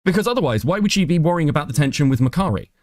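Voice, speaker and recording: A man's voice: on the high side, sing-song, rapid-fire, darkish tone, dry recording, clean studio sound. A man casually talking through messages on a call, muttering and thinking aloud as he searches. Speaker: streamer going over messages on a call. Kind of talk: casual discussion.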